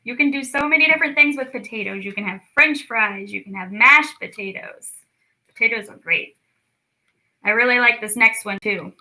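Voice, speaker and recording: A young woman leading a children's lesson, stretching words out slowly and cheering the kids on. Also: a little high, bright, forceful tone, rough recording. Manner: slow, drawn-out words for children, encouraging. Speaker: speech clinic storytime teacher. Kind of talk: children's lesson, clapping out syllables.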